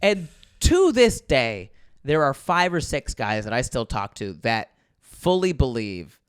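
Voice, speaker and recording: A man's voice: medium pitch, animated, unhurried, fairly bright tone, smooth, no echo, clean studio sound. A man in his thirties, a stand-up comedian telling a story in casual podcast talk, acting out quotes with lots of swearing.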